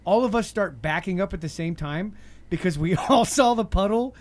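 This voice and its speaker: High-voiced, animated storytelling man. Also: normal speed. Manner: animated storyteller, swears a lot, laughs often. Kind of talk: casual chat.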